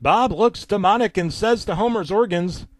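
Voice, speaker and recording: A man reads a horror story in a casual, wry way, sometimes sinking into a whisper. His voice sits slightly high. The sound is dry and close. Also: moderate pace, no room sound. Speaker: narrator.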